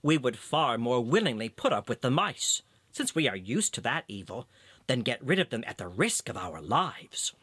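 A storybook reader voicing a group of frightened old royal councillors who plead in hushed tones. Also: medium pitch, very animated, moderate pace, slightly rough, no room sound. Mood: fearful.

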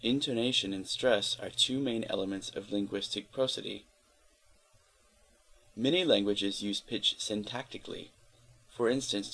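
A man reading an encyclopedia article aloud in a steady, careful way, spelling out letters where needed. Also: fairly low pitch, vocal fry, breathy edge, poor audio. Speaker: volunteer reader of an encyclopedia article. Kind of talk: read-aloud article narration.

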